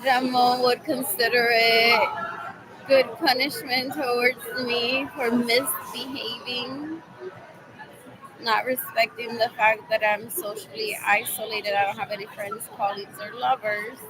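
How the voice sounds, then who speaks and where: A woman's voice: fairly high pitch, steady tone, unhurried, crowd noise. A woman talking in a rambling, giggly way, leaning on "like" a lot in a casual monologue. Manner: rambling, giggly, heavy use of "like". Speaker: vlogger. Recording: noisy background ambience.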